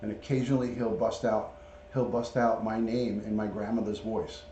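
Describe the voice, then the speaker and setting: A man's voice: on the low side, level tone, normal speed, dark tone, slight background noise. A middle-aged man, a retired police detective, hosting a casual livestream from home and chatting with viewers by name. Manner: chatty, talks to viewers and reads out chat names. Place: at home, showing a pet parrot. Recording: echoey room.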